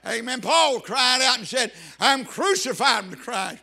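Male preacher, fervent revival delivery, high ringing tone. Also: animated, a little slow, creaky, few pauses. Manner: fervent, rising to shouts and sung phrases. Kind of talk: revival sermon.

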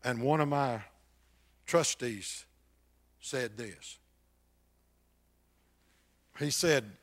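Older preacher, loud-to-hushed storytelling. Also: male voice, medium pitch, extremely slow, long pauses. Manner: dramatic swings from loud to hushed. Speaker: pastor. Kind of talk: personal testimony storytelling.

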